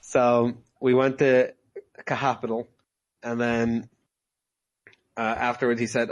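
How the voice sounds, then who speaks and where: A man's voice: mid-range voice, completely flat delivery, measured pace, long pauses. A young man co-hosting a casual podcast, telling a rambling story with jokes. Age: young adult. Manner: rambling storyteller, jokey, laughs often. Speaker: podcast co-host. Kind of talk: casual chat.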